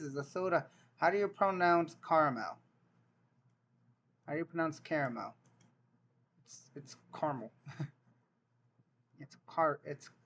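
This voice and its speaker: A young man with a somewhat high-pitched voice talks through a quiz in casual vlog style. He sounds incredulous and jokey, restarting sentences as he works out each answer. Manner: incredulous, joking, thinks aloud with restarts. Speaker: vlogger taking an online dialect quiz. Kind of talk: casual reaction commentary.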